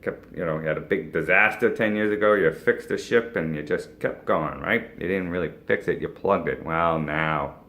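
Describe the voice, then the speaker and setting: A man's voice: low-pitched, moderate pace, few pauses, a bit bright. An advertising agency owner giving a casual, folksy business pep talk, tagging his points with "right?" and chuckling now and then. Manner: folksy, keeps asking "right?", boat metaphors, chuckles.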